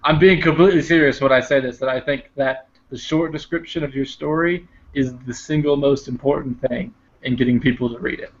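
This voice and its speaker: A man co-hosting a casual podcast, rambling through anecdotes and swearing offhandedly. His voice sits at a middle pitch. The recording sounds dull and lo-fi. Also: fairly even intonation, a little fast, hardly any pauses. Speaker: podcast co-host. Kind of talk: casual chat.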